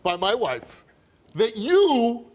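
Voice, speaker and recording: A talk show host grilling a guest, a man with a fairly high voice that swings up and down a lot. He builds his case point by point and keeps demanding agreement, pressing and unrelenting. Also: very animated, very slow, slight background noise. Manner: pressing, keeps asking "right?". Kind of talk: confrontational questioning.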